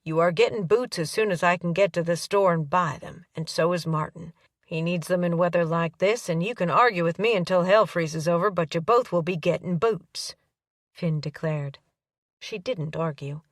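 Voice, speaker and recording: A woman narrates an audiobook in a fairly low voice and shifts lightly between the characters as she reads. The sound is dry, with the mic a little distant. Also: moderate pace, no room sound. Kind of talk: scripted narration.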